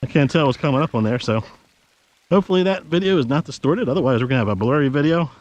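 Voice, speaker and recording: Hiking a snowy trail, a vlogger chats to his action camera and gives his dog firm commands. His voice is on the high side and a little mellow, and he talks fast and animated; the audio is dull, with no room sound.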